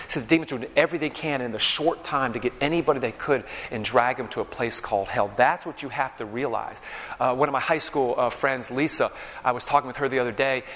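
A man preaching a sermon in a large hall, his voice trailing off in long reverb. He tells stories with urgency and keeps checking in with his listeners, asking "okay?" and "all right?". His pitch sits in an ordinary middle range. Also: a bit bright. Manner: storytelling, addresses crowd with frequent "okay?" and "all right?".

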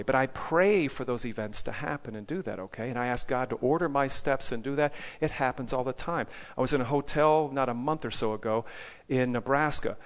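Guy preaching, storytelling sermon, keeps going "okay?", mid pitch voice. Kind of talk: sermon with personal stories.

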